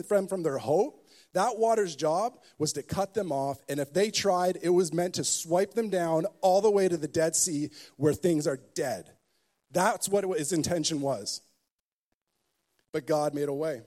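A pastor preaching a sermon, telling stories with joking asides and building emphasis. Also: male voice, high voice, mellow.

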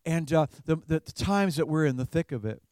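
A man's voice: fairly high pitch, animated, fairly quick, darkish tone, no echo, studio quality. A man preaching a sermon as a pastor in a conversational way, chuckling now and then and repeating words as he goes.

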